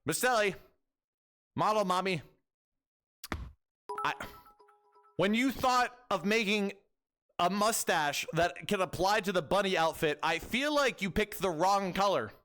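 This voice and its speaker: A man's voice: sits high, lively intonation, a little slow, long pauses, pushed and bright, soft background music. A young man streaming as a VTuber, chatting and joking with his chat in a rambling way. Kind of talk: casual livestream chat.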